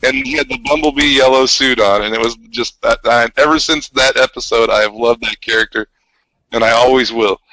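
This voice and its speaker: A man's voice: mid-range voice, fairly even intonation, fairly quick, pushed and bright, no echo, rough recording. A man in his thirties co-hosting a casual podcast, telling stories with enthusiasm. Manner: enthusiastic, nostalgic storyteller. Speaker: podcast co-host. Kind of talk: casual chat.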